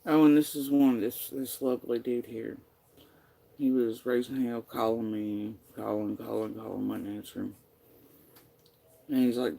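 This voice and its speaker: Male vlogger, dark mellow voice, angry profane rant over old messages. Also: mid-range voice, fairly even intonation, moderate pace, vocal fry, rough recording. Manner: bitter and profane, reading out messages.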